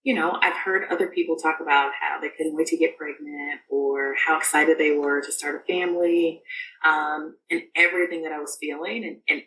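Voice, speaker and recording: Female podcast guest, low register, halting storyteller with many fillers; distant roomy recording, faint background noise. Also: steady tone. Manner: rambling, full of fillers and restarts. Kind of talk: casual storytelling.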